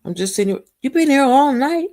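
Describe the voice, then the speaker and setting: An exasperated husband, shrill and incredulous, who cannot understand what is wrong, as a woman puts him on in a high, raised voice. The tone is pushy and dismissive. The voice keeps a gravelly rasp. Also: animated, brisk, warm tone. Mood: baffled.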